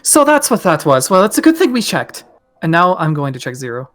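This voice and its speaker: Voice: mid-range voice, sing-song, a little fast, fairly bright tone, soft background music. A player in a tabletop game, speaking casually and asking practical questions about the rules. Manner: practical, asks rule questions.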